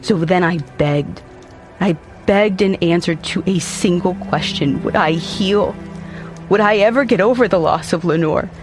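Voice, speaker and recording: A man's voice: high-pitched, a little slow. A man giving an intense, brooding first-person narration for an audio drama, over faint background music. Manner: intense, brooding, haunted storytelling.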